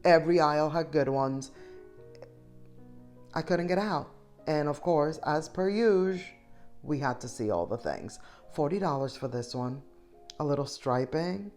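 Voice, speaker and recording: A middle-aged woman with a low voice chats eagerly with her viewers while she shops. She talks to them directly and warmly. Soft music plays faintly under her voice. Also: lively intonation, a little slow, long pauses. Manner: chatty, enthusiastic, addresses viewers directly. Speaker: shopping vlogger. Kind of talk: casual shop-with-me voice-over.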